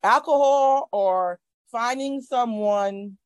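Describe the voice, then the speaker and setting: A woman's voice: a little high, slow, no room sound. A middle-aged woman, a guest on a podcast, speaks earnestly about her faith over a video call, often restarting her sentences. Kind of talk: casual conversation.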